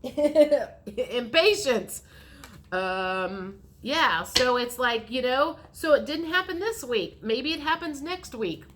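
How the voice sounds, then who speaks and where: A woman's voice: high-pitched, lively intonation, slow pace, slight background noise. A woman giving a frank, chatty tarot reading, speaking straight to the viewer. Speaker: tarot reader. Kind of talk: casual tarot reading to camera.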